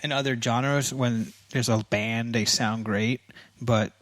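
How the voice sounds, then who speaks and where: A man chatting casually as a podcast guest, talking in a relaxed, rambling way with plenty of hesitations. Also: medium pitch, slow, no echo. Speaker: radio imaging producer, guest.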